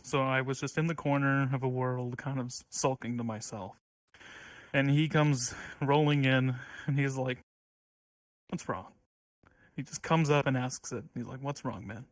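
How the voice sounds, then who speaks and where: A man giving an earnest, heartfelt eulogy at an online gathering, sometimes halting. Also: mid-range voice, flat delivery, no room sound, poor audio. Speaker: eulogy speaker.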